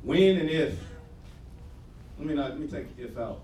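High-voiced man preaching in an echoey church. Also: normal speed, darkish tone, far from the mic, a little hiss or hum. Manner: casual slang, call-and-response with congregation. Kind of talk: sermon. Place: church sanctuary.

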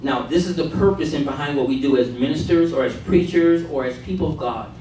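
Male preacher, high voice, call-and-response sermon in a very echoey church, mic set back, faint room hum. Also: brisk, mellow, far from the mic.

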